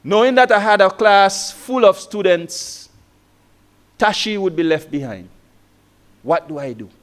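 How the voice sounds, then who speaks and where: A man's voice: high-pitched, a little slow. A man, a former lecturer giving a motivational conference talk with stories and rhetorical questions. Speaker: keynote speaker, former lecturer.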